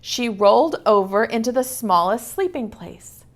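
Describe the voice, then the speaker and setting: A woman with a fairly high, expressive voice speaks at an unhurried pace. She's a preschool teacher in an online video class, reading a picture book aloud with feeling and asking the children questions.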